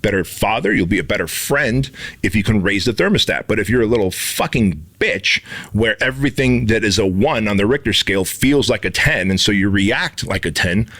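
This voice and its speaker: A man co-hosting a podcast, telling stories in an animated, profane way and acting out the quotes in them. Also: fairly low pitch, a little fast. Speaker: podcast co-host and instructor. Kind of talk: casual podcast conversation.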